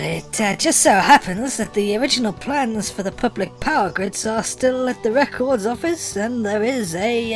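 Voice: mid-range voice, voice pushed up, natural voice. A game master voicing a smug male gnome politician in a tabletop game, talking in a self-satisfied way. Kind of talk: tabletop game role-play.

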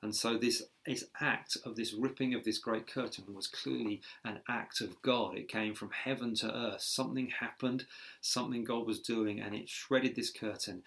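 A man preaching a sermon, explaining scripture in a measured teaching way with occasional fillers and restarts. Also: fairly low pitch, steady tone, vocal fry, fairly bright tone.

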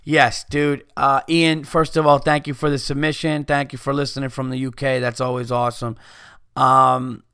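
Profane ranting podcast host, smooth voice. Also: male voice, medium pitch, level tone, normal speed, pushed and bright, dry recording, studio quality. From United States. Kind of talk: casual ranting monologue.

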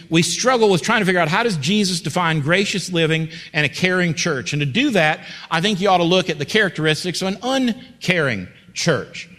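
A male pastor preaching in a church, hammering points home by repetition and speaking directly to his listeners. His voice sits a little high. A long hall reverb trails behind every phrase. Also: fairly bright tone. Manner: emphatic, repetitive preaching, talks to the congregation. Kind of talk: sermon.

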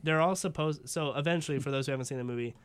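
Guy hosting a chatty podcast, smooth clear voice, rambles a lot with tons of likes and ums. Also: a little high, racing. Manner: rambling, many fillers, laughs often. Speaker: podcast host. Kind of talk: casual chat.

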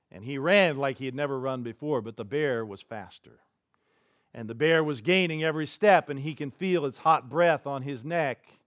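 A man preaching as a pastor, telling a story in an animated way with big swings in loudness. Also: a little high, no room sound, clean studio sound. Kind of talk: sermon storytelling. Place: church.

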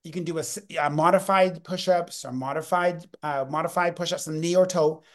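A man in his fifties, his voice on the high side and a little fast, is a guest on a podcast. He tells stories with lots of energy, regularly breaking off and restarting what he's saying.

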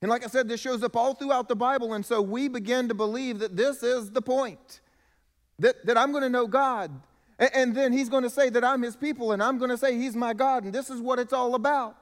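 High-voiced male preacher in a reverberant hall. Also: steady tone, brisk. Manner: preaching with emphatic rises and drops in volume. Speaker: pastor. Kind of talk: sermon.

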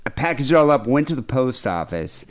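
Animated man telling profane stories. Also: mid-range voice, fairly quick. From United States. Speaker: podcast co-host. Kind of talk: casual comedic podcast chat.

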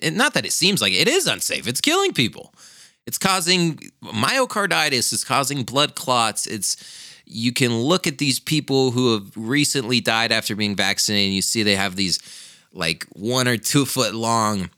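A man's voice: fairly low pitch, pushed and bright. A young man giving a heated, profane casual commentary, peppered with "man" and "dude.".

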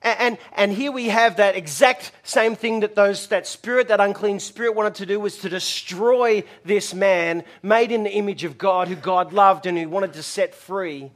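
A man's voice: sits high, moderate pace, hardly any pauses. A man preaching a sermon, telling stories animatedly and acting out voices. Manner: animated storytelling, acts out voices and shouts. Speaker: pastor.

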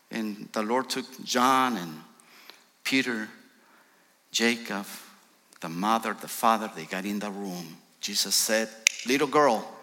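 A man delivers a sermon at a slow, deliberate pace, his voice bright and forceful. He builds into urgent, pleading prayers. The sound carries a long reverb from the church hall. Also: medium pitch. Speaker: guest preacher. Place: church sanctuary.

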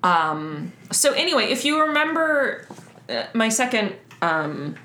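A woman's voice: fairly high pitch, big pitch swings, measured pace, pushed and bright, a little hiss or hum. A woman co-hosting a podcast, explaining history in a loose, chatty way with lots of fillers. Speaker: podcast co-host. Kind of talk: casual history chat. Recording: roomy echo.

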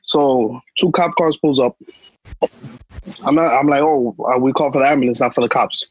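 A man's voice: medium pitch, moderate pace, husky, lo-fi sound. A young man, telling a long personal story on a podcast in emphatic street slang. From New York. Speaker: podcast co-host. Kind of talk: casual storytelling chat.

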